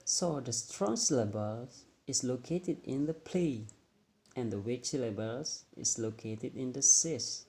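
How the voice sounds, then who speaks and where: A young man whose first language is Indonesian, giving a classroom-style explanation as a student presenter, halting and repeating words as he goes. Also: medium pitch, dark tone. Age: young adult.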